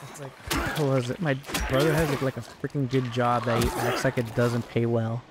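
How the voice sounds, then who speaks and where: A young man venting in a casual, rambling way while playing a game, swearing often and filling every pause with "like". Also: mid-range voice, little pitch movement, heavy background noise. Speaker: gaming YouTuber.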